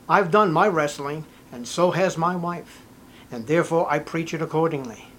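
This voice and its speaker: A man's voice: a little high, fairly bright tone. An older man preaching a sermon, reading scripture aloud and commenting with growing emotion. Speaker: pastor.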